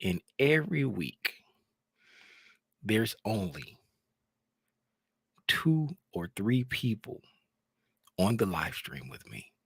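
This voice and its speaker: A man giving casual live-stream commentary as a trading educator, rambling and animated, repeating phrases as he vents. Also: fairly low pitch, slow pace, creaky, pauses often, breathy edge, dry recording.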